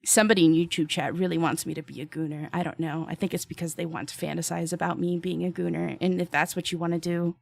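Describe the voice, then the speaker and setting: A woman's voice: fairly low pitch, fairly even intonation, fast, creaky, hardly any pauses, darkish tone, no echo. A woman streamer chatting casually and playfully while playing a game, laughing often and reading game text aloud. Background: faint background music.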